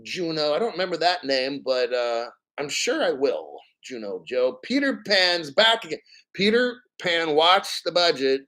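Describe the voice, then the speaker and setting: A man in his fifties hosts a crypto livestream. His voice sits a bit high for a man, and his talk is loose, profane and full of tangents. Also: expressive, unhurried, pushed and bright. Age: 50s. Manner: rambling, profane, storytelling. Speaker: crypto channel host. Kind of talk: casual livestream commentary.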